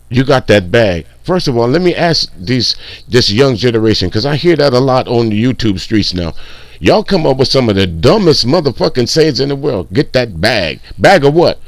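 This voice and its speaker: A man's voice: medium pitch, dry recording. A man hosting casual reaction commentary, blunt, profane and mocking. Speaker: commentary channel host.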